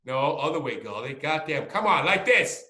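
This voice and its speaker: A man hosting a casual video-call interview, teasing his guest with drawn-out either-or questions in an excitable manner. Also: fairly high pitch, roomy sound. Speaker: channel host.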